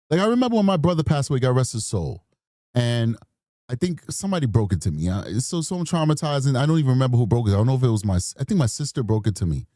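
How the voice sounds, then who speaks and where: A high, lively male voice swings widely as he riffs on the case. His commentary is emphatic and scornful, and the sound is dry and close-miked. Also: no room sound. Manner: emphatic, mocking, mimics people in bursts. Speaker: true crime stream host. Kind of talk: animated live-stream commentary.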